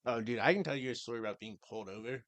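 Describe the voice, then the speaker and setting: A man's voice: medium pitch, rapid-fire, fairly bright tone, no room sound. A young man co-hosting a podcast, casually telling a profane story and laughing as he goes. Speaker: podcast co-host. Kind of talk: casual chat. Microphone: podcast mic.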